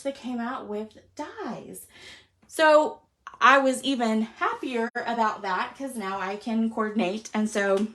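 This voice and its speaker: A woman hosting a live craft stream, chatty and quick to laugh, often saying y'all. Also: on the high side. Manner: chatty, warm-hearted, laughs often, says y'all a lot. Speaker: craft show host. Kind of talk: casual live stream chat.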